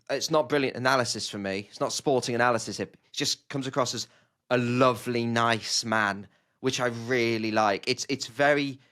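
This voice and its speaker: Male podcast host, East Midlands English accent, chatty and self-deprecating, stumbles over words, middle pitch. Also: a bit bright. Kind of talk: casual podcast chat and ad read.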